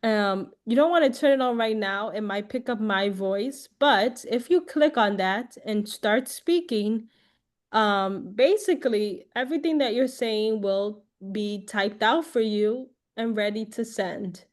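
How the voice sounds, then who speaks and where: A woman's voice: on the high side, unhurried. A woman teaching a casual online class on phone features, chatty and loose, with lots of fillers and little check-ins like "right?". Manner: chatty, repeats herself, many fillers and "right?". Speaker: class instructor.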